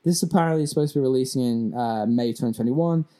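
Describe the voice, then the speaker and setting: A man's voice: medium pitch, fast, warm tone. A man co-hosting a gaming podcast, chatting casually, swearing and restarting his sentences. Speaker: podcast co-host.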